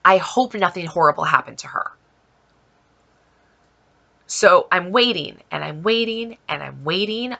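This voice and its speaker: A woman vlogger telling a story in a lively way, acting out both sides of a conversation with an exasperated edge. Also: on the low side, vocal fry. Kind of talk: storytelling vlog.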